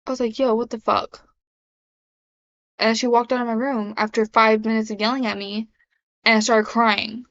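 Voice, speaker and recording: Young woman, confessional vlogger; rambling, hesitant delivery, flat high-ish voice. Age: young adult. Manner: rambling, halting, many fillers and restarts. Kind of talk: casual confessional vlog. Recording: dull lo-fi sound.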